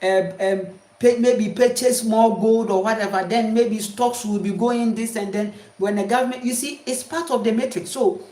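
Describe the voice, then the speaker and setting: A woman's voice: fairly high pitch, fairly even intonation, normal speed, mellow. A woman giving an emphatic, repetitive spiritual talk to her viewers. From Ghana. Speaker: spiritual speaker. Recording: roomy echo.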